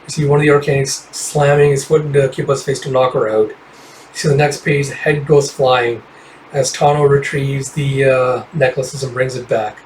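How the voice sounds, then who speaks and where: A man's voice: medium pitch, little pitch movement, moderate pace, slight background noise, low-quality recording. A man casually narrating a comic book readthrough, loose and rambling with lots of filler words.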